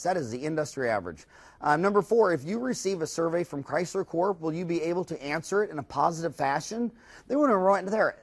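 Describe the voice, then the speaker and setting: Man, middle-aged, dental lecture, slightly high, dry mic, lively storyteller. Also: no echo. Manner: animated, acts out staff and patients in quick quoted voices. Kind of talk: recorded course lecture.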